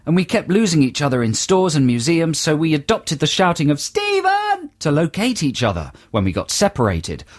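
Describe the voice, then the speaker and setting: A man's voice: medium pitch, no room sound. Wry male radio host reading listener emails. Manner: dry, wry, reads emails aloud with asides. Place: radio studio.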